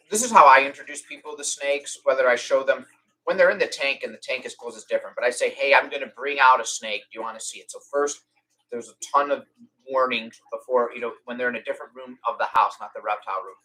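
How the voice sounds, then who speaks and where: A young man with a bright, forceful voice hosts a casual live-stream Q&A. He talks in a chatty way and acts out little conversations in lively quoted voices. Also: medium pitch, brisk, low-quality recording. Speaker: reptile rescue host.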